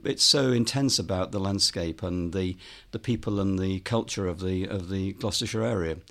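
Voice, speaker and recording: A man with a fairly low voice tells a long anecdote as a podcast guest. He talks in a relaxed way, with frequent ums, and voices the people he quotes. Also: normal speed. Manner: relaxed, lots of ums, acts out quoted dialogue. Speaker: guest filmmaker and author. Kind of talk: anecdotal storytelling interview.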